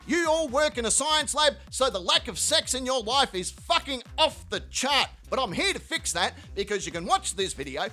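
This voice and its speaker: A man's voice: high-pitched, pushed and bright. A man hosting a comedy show, delivering a crude, profane, rambling outro monologue. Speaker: host.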